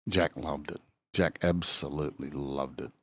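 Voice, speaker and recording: A man's voice: extremely low pitch, fairly even intonation, normal speed. An older man with an Australian accent, a former rugby league coach telling stories in casual chat, acting out quotes with many restarts. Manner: yarn-spinning, acts out quotes, frequent restarts.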